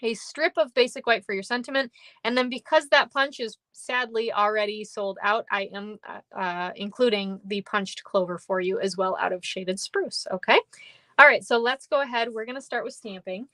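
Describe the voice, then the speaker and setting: A woman's voice: on the high side, moderate pace, a bit bright, no room sound. A woman running a live card-making tutorial, chatty and upbeat, thanking viewers by name as she works. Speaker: papercraft demonstrator. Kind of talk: live-stream craft tutorial.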